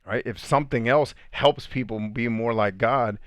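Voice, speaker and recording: A man's voice: mid-range voice, moderate pace, a bit bright, dry recording, studio quality. A man hosting a live podcast stream, reading comments and giving blunt, preachy opinions. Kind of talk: livestream chat.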